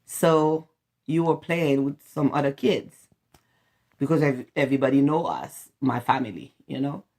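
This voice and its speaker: A woman's voice: extremely low pitch, measured pace. A woman from Haiti with a Haitian accent, telling family stories in an interview and laughing often. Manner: animated, lively storyteller who laughs often. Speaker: interviewee, the host's mother.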